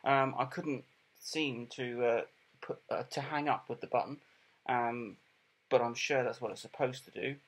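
A man's voice: mid-range voice, steady tone. Hesitant middle-aged man reviewing earphones. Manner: hesitant, many ums and repeated words; plain, unhurried and matter-of-fact. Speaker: product reviewer. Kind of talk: casual review talk.

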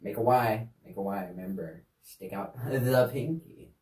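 A woman's voice: a bass voice, a little slow, darkish tone. A woman casually demonstrating sign language signs for a kids' lesson, chatty and easygoing with offhand asides. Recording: echoey room, distant mic.

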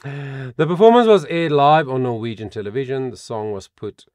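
A man working as a vocal coach, reading out song facts in a reaction video and adding animated comments of his own. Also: medium pitch, normal speed, no room sound. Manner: reads song facts aloud with animated asides.

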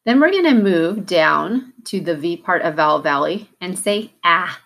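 A woman leads a children's phonics lesson at an unhurried, deliberate pace. Her voice sits a little low, and she over-articulates each sound so young learners can copy it. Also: lively intonation, a bit bright. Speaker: teacher.

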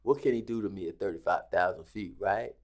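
Deep-voiced and brisk, a casino executive from Las Vegas tells a story as a podcast interview guest. He's an animated narrator, performing the lines of the people he describes.

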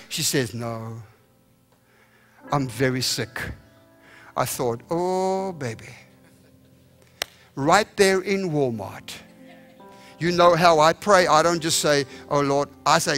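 A young man preaching a revival sermon in a church, bright and ringing, with a fairly high voice for a man. He tells his story with energy and acts out the people in it. Soft music plays underneath. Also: expressive, measured pace, pauses often. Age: young adult. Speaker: evangelist. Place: church sanctuary.

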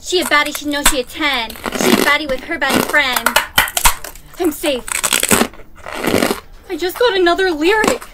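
A text-to-speech voice of a woman playing a panicky young woman caught in a deadly lyric game, spoken flatly over a skit. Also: sits high, moderate pace, long pauses, natural voice. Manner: flat synthetic text-to-speech delivery. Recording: loud background noise.

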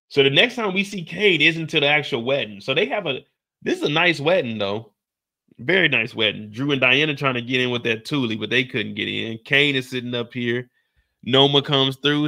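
A man riffing through a TV recap with profane, joking asides. His voice is gravelly and bright, at an ordinary pitch. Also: moderate pace. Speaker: TV episode recapper. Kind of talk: casual comedic recap commentary.

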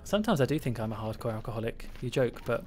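A man's voice: mid-range voice, animated, fast, darkish tone. A man live-streaming gameplay, chatting playfully, mocking himself and talking to the game creatures and his viewers. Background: game music.

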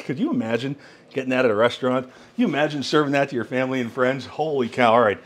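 A man hosting a cooking vlog, demonstrating a kitchen appliance at home with excited exclamations and frequent laughs. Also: medium pitch, quick pace. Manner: enthusiastic, exclamatory, laughing often. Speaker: cooking channel host. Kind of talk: product demo cooking vlog.

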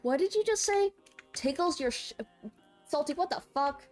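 A woman's voice: high-pitched, lively intonation, moderate pace, a little mellow, faint music behind. A young woman in college streaming a game, chatting casually, laughing and answering viewers. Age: young adult. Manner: chatty, laughs a lot, reads chat aloud. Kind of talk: casual gaming stream chat.

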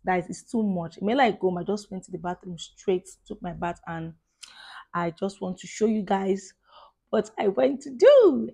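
A woman's voice: medium pitch, expressive, moderate pace, gravelly, dark tone, breathy edge. Chatty Nigerian woman vlogging. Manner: chatty and effusive, with frequent "like" and "guys". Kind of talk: casual vlog chat.

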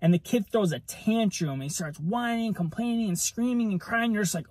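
A man's voice: high voice, fairly quick, a little mellow, no echo. A man giving a casual devotional teaching, talking conversationally and tagging nearly every point with "right?". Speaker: ministry preacher.

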